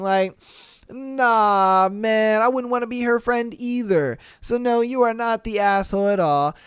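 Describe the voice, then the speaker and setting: A man hosts a podcast, reading listener posts and breaking off into loud, swearing reactions. His voice is smooth and clean. It sits close and dry on the mic with no room around it. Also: sits high, a little slow, dry recording. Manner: animated, profane, mock-outraged asides. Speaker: podcast host.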